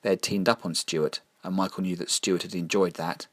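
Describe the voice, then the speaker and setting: A man narrating a dark horror story in a measured, grim storytelling manner, slowing down to lean on key phrases. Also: low-pitched, flat delivery, dry recording.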